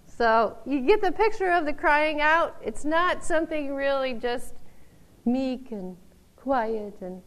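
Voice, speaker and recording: A woman teaching from the Bible in an informal talk, laughing often and acting out the people she quotes in loud voices. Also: high voice, lively intonation, slow pace, low-quality recording.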